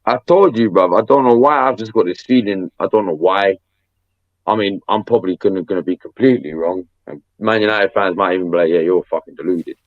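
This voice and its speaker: Low-voiced man on a dull dry line. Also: fairly quick, no room sound. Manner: animated storytelling. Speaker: podcast co-host. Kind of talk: casual chat.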